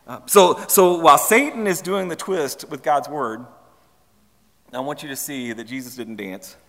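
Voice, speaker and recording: Pastor, male, higher-pitched, conversational but emphatic sermon delivery, long church reverb. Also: moderate pace, gravelly, fairly bright tone. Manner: conversational, emphatic preaching that asks the congregation questions.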